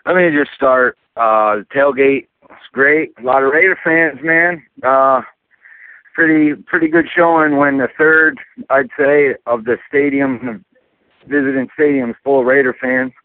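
A man's voice: mid-range voice, steady tone, no room sound. A man from New York calling in to a sports talk show, venting angrily with heavy profanity. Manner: angry, profane, rapid venting. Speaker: caller. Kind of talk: phoned-in fan rant. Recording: tinny phone line.

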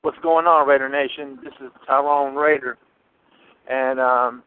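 A man calling a sports show, glum and swearing, with halting filler words. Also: mid-range voice, fairly even intonation, slight background noise. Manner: glum, mumbling, profane. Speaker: caller. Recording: tinny phone line.

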